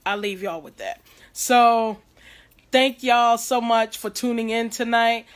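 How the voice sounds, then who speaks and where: A hoarse woman hosting a live stream, giving earnest, preachy advice in a casual way. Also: a little high, steady tone, takes it slowly. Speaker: host. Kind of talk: casual livestream talk.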